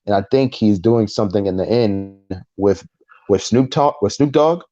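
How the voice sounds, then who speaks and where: A man co-hosting a casual podcast chat, recounting a story in an animated way and acting out the voices of the people in it. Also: lowish voice, normal speed, dull audio, faint music behind. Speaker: podcast co-host.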